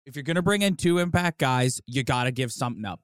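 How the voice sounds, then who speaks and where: A man co-hosting a sports podcast goes on a heated rant in rapid bursts. His voice sits at an ordinary middle pitch. The recording is dry and close. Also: expressive, clear, resonant tone, dry recording. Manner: heated, ranting, quick bursts. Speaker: podcast co-host. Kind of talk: casual sports chat.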